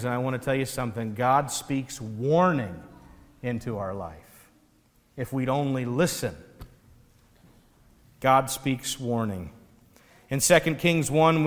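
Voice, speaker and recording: A man giving a sermon in an animated, conversational storytelling way. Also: fairly high pitch, long reverb tail. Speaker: pastor.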